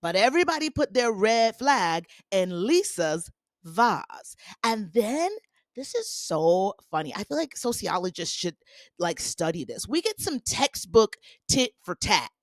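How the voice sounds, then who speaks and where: Sassy animated woman podcast host. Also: mid-range voice, measured pace, no room sound, clean studio sound. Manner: sassy, animated, acts out quotes in put-on voices. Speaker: podcast host recapping reality TV. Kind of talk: casual gossipy recap.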